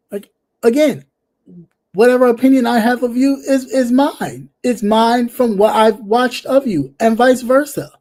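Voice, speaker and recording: Speaking directly to one viewer, a laid-back live-stream commentator is sassy and blunt, hammering points by repeating phrases. The mid-range voice is warm and mellow, and lines frequently fade into soft fillers.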